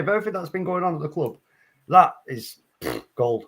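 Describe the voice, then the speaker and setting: A man's voice: a little high, expressive, a little fast, a bit bright, breathy edge. Emphatic man on a fan panel. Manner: emphatic, repeating phrases. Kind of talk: casual panel chat.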